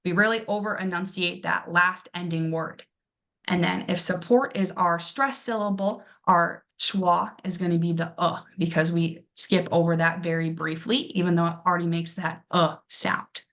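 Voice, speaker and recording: A woman's voice: on the low side, fairly even intonation, normal speed, a bit bright. Encouraging woman teaching pronunciation. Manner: encouraging, exaggerates syllables to demonstrate. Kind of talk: classroom English pronunciation lesson.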